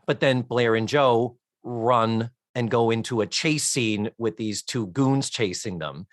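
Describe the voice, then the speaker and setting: A man's voice: mid-range voice, measured pace, no room sound. A wry, talkative man in middle age hosts a podcast, mixing loose chat with a read-out synopsis. His voice sits in an ordinary middle register, and it is recorded close and dry with no room sound. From United States. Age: middle-aged. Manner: wry, chatty, swears offhandedly. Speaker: podcast host. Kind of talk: casual chat and reading a synopsis.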